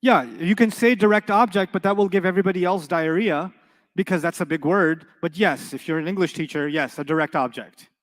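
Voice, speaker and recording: A middle-aged man with a high voice teaches a live class. He is playful, keeps throwing questions at the students and often answers them himself. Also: a little fast, big-room sound. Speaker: Arabic teacher.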